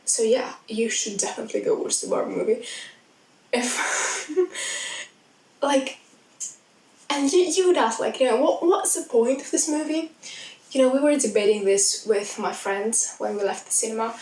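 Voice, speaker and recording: A young woman chatting excitedly in a rambling film review vlog. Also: a little high, normal speed, pauses often. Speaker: vlogger. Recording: echoey sound, mic at a distance.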